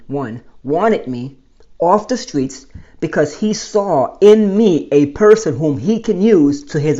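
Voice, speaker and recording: A man casually telling his own life story as host, animated and explaining step by step. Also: on the high side, highs cut off. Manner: animated, explains with pointing and numbering.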